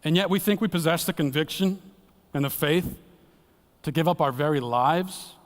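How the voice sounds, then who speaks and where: Male guest preacher, earnest and dramatic, voice on the higher side, slips into hushed lows, church hall echo. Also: moderate pace. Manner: earnest, dramatic, drops to a hushed low voice for emphasis. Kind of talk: sermon. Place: church sanctuary. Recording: long church hall reverb.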